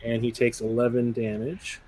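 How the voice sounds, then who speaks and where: A man narrating as game master of a tabletop game, laid-back and quick to laugh. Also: mid-range voice, completely flat delivery, very noisy.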